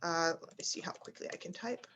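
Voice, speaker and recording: A woman speech instructor teaching voice exercises in an online class, often demonstrating bright high exclamations. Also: a little fast. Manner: demonstrates pitches with exaggerated exclamations, frequent fillers.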